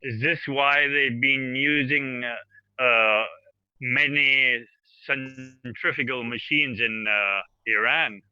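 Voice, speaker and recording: A man from Argentina calling in with a question, halting and searching for words. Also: medium pitch, bright, forceful tone, clear, resonant tone, no room sound, highs cut off. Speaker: caller asking questions.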